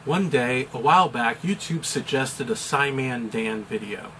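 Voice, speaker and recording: Man from the US, chaplain, bright tone, medium pitch, deliberate explanatory commentary. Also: slight background noise, low-quality recording. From United States. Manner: measured, deliberate, with occasional fillers. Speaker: chaplain and pastor.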